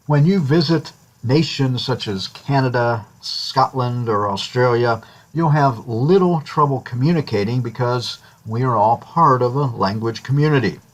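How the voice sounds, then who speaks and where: A man from the United States giving a recorded course lecture in a conversational, lightly humorous way. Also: medium pitch. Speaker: instructor.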